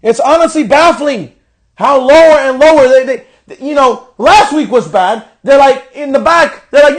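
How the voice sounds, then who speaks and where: A man's voice: very high-pitched, normal speed. A young man hosting a podcast, ranting in frustration with heavy swearing as he reviews a wrestling show. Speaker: podcast host.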